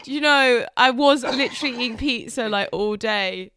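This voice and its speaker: A woman's voice: fairly high pitch, moderate pace, a bit bright, smooth, no echo. Chatty English woman hosting a podcast. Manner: chatty, self-deprecating, giggly. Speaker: podcast host, comedian. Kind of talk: casual podcast chat.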